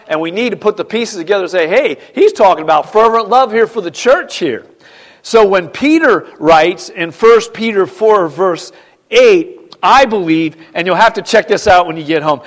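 High-voiced emphatic male pastor preaching. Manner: emphatic, swings between loud and quiet, repeats phrases. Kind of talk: sermon. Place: church.

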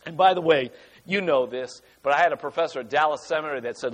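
A man's voice: fairly high pitch, fast. A middle-aged pastor preaching a folksy, conversational sermon in church, talking with his congregation.

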